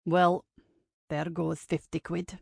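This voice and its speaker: A large, amused man, voiced by a woman narrator, murmurs his teasing lines low and quiet. His voice sits well below her own and stays soft. The recording is dry and close. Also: a little slow, vocal fry, breathy edge, dry recording, full character voice. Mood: wry.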